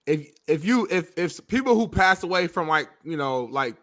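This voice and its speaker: A man's voice: fairly high pitch, animated, moderate pace, a bit bright, no room sound, studio quality. A man co-hosting a talk show, talking in a preachy, emphatic, slangy way. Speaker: co-host. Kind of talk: casual talk-show chat.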